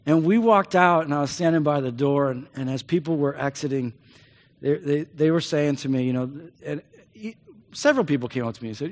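High-voiced guy preaching, super animated, lots of church reverb. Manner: animated storytelling with quick put-on voices. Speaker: pastor. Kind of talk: sermon.

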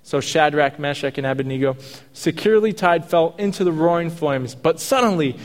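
A man delivers a sermon in a relaxed, conversational way, mixing scripture with jokey asides. His voice sits a little high for a man. The sound carries a long reverb, as if from a large hall. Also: moderate pace. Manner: casual, jokey asides between scripture readings. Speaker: pastor.

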